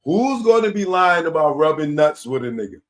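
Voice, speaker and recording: A man, hosting a live commentary show in a casual, animated way that keeps repeating his points. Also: a little high, normal speed. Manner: animated, laughing, repeats himself.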